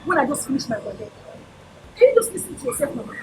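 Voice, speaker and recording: A high voice with big swings in pitch comes fast over background noise: a Nigerian-accented actress in a Nollywood film, playing a young woman who has lost her memory. Distraught and frantic, she hurls accusations and often shouts.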